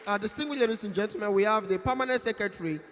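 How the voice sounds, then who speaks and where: A Nigerian man emceeing an awards event, joking and loudly announcing guests. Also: high-pitched, rapid-fire. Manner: lively, joking, loud announcing. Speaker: master of ceremonies. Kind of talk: event emceeing with comic pidgin banter. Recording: long hall reverb.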